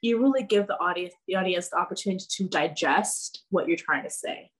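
A woman's voice: on the low side, brisk, fairly bright tone. A woman who teaches belly dance, chatting casually on a podcast, leaning on filler words and laughing often.

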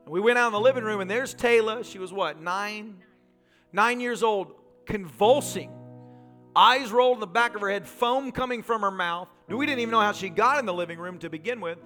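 A male pastor preaching a sermon, telling vivid personal stories in quick, emphatic phrases. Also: high voice, pushed and bright, soft background music. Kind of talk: sermon storytelling.

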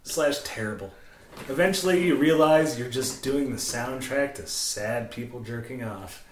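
A man's voice: medium pitch, a little slow, reverberant, a little hiss or hum. A man, a former strip club DJ, telling profane stories in casual podcast chat and laughing often. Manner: profane, laughing, acts out quoted voices.

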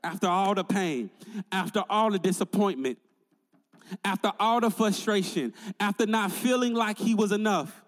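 A man's voice: sits high, normal speed, long reverb tail. A male pastor preaching a sermon in an emphatic, conversational way, building points through repetition.

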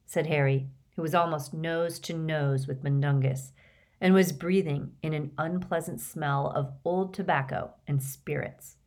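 A woman reading an audiobook aloud with a lively delivery. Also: sits low, measured pace. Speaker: audiobook narrator.

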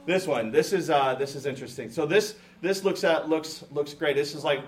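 A middle-aged man gives a sermon in a fairly high voice. He jokes with the room, restarts his sentences often and acts out what tired parents say. The delivery is casual and animated. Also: normal speed, hardly any pauses. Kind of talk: sermon with humorous asides.

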